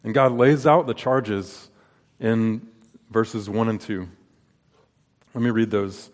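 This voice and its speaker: A man's voice: fairly low pitch, steady tone, slow, long pauses. A man in his thirties preaching a sermon in an earnest way, asking rhetorical questions and telling personal stories. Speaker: pastor. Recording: long reverb of a large hall.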